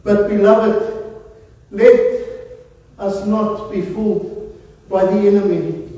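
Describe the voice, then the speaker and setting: A man's voice: high voice, fairly even intonation, slow pace, dark tone. A man preaching a sermon as pastor, repeatedly calling the congregation beloved. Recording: echoey hall, voice from far off, dull sound.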